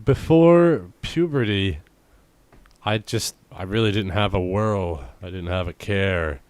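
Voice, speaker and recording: A man with a low voice trades jokes on a casual podcast and reads out strange news items with sarcastic asides. His voice is recorded close and dry. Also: slow, a little mellow, smooth, dry recording. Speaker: podcast co-host.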